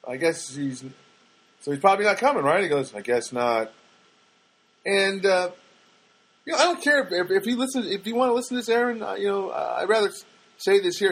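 A man's voice: high voice, fairly bright tone, poor audio. A man telling a casual, rambling story with many fillers and restarts, with wry, self-deprecating asides.

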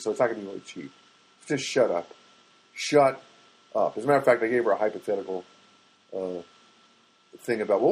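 A man's voice: mid-range voice, poor audio. A man in his fifties rambling through comic stories with exasperation, acting out phone calls.

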